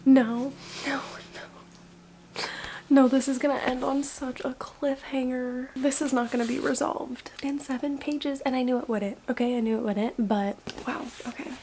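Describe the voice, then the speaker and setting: A young woman filming herself at home for a casual reading vlog, gushing over a book with big dramatic reactions that often sink to a hushed murmur. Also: high-pitched, fairly even intonation, normal speed, few pauses, a little hiss or hum. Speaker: book vlogger. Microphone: camera mic.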